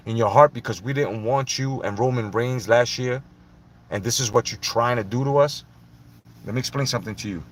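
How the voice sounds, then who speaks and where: A young adult man ranting about wrestling in loud, profane, mocking commentary. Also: mid-range voice, slight background noise.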